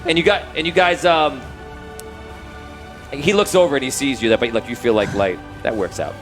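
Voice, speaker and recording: A man's voice: mid-range voice, moderate pace. A man runs a tabletop game as its game master. He narrates in a rambling way, full of fillers. Music plays behind him. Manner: rambling, many fillers and restarts. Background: background music.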